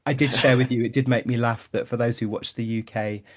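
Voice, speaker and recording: A man's voice: medium pitch, fairly even intonation, brisk. A man from Birmingham, England, chatting playfully as a podcast guest, laughing often. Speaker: guest co-host. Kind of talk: podcast chat.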